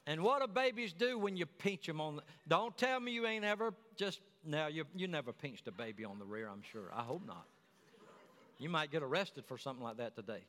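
A man's voice: fairly high pitch, very animated, brisk, fairly bright tone, in a large hall. A man preaching a sermon, telling the story in a folksy way with chatty asides.

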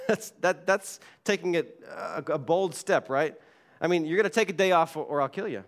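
A pastor with a fairly high, expressive voice preaches briskly from the front of a church sanctuary, his voice slightly raised. Reading scripture aloud, he speaks earnestly and repeats key words for emphasis.

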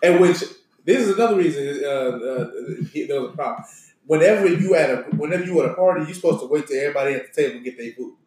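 Man, casual storyteller, raised pitch, very echoey room. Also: fast. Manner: animated, laughing, mimics others' voices.

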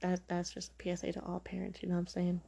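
A woman's voice: fairly low pitch, monotone, fast, creaky, warm tone, breathy edge. A young woman hosting a podcast, speaking frankly and opinionatedly in a casual monologue full of fillers. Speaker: podcast host.

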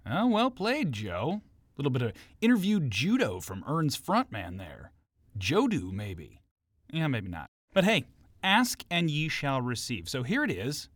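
A man's voice: mid-range voice, huge pitch swings, unhurried, a bit bright, no echo. A male interview host reading jokey, scripted questions in a playful, theatrical way. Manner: playful, joking, theatrical delivery.

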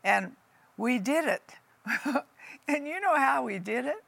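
Older woman pastor, gravelly, unhurried, dry sound; folksy emphatic sermon. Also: high voice, lively intonation, a bit bright, dry recording. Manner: folksy, emphatic, addresses listeners as honey and folks. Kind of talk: sermon testimony.

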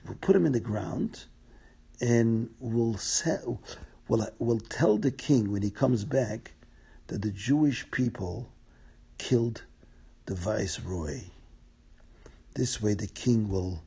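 Guy doing a sly scheming priest, low dark voice, conspiring. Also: slow pace, vocal fry, long pauses, breathy edge, heavily acted. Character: scheming male priest, cold plotter.

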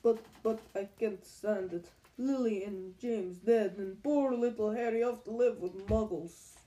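A woman's voice: mid-range voice, unhurried, warm tone, lo-fi sound, close to an everyday voice. Hagrid, a tearful stammering giant read by a woman. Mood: grieving. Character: huge tearful man, gentle and clumsy.

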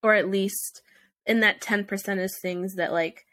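A woman's voice: mid-range voice, steady tone, a little slow, a bit bright. A young woman hosting a podcast, giving blunt, heated relationship advice with lots of swearing and filler words. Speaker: podcast host.

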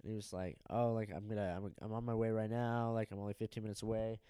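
Crisp, dry-voiced young man telling crude stories. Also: lowish voice, fast talker, dry recording. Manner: animated, profane, acts out quoted people. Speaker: podcast co-host. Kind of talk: casual crude storytelling.

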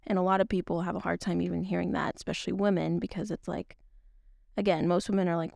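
A woman's voice: fairly low pitch, brisk, gravelly, a little mellow, no echo, studio quality. A young woman hosting a podcast, talking in a casual, earnest, rambling way with many restarts. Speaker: podcast host. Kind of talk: casual faith talk.

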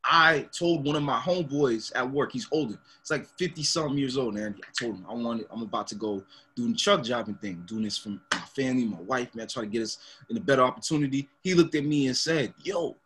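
A man's voice: medium pitch, brisk, hardly any pauses, a bit bright, slight background noise. A young man co-hosting a podcast in casual chat, laid-back, laughing often and calling his friend man and dog. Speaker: podcast co-host.

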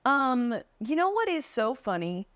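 A woman's voice: high-pitched, sing-song, measured pace, a bit bright, dry recording. A young woman guest on a podcast, telling stories from her sales work in a casual, chatty way full of "like" and "dude", acting out what people said. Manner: chatty, lots of "like" and "dude", acts out quotes. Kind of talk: casual interview storytelling. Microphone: video call.

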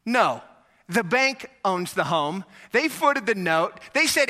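Bright-voiced animated preacher man. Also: high-pitched, slow pace. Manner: animated, acts out voices, asks the audience questions. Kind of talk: sermon. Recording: echoey hall reverb.

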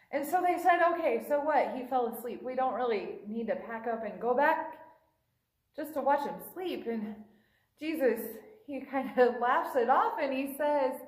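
A woman preacher gives a sermon, retelling a scripture story in a relaxed, storytelling way. Her voice sits high, and she briefly voices the quoted characters. The sound carries a noticeable room echo. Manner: conversational storytelling, acts out quoted dialogue. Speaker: pastor.

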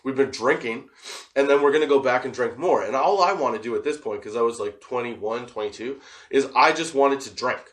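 A man's voice: mid-range voice, fairly quick, fairly bright tone. A man in his forties telling a comic personal story, laughing often and swearing between rambling asides.

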